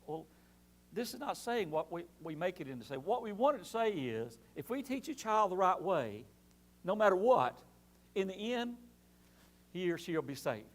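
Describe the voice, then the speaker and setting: A man's voice: sits high, big pitch swings, moderate pace. Earnest man teaching a Bible class. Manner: earnest, repeats key phrases for emphasis.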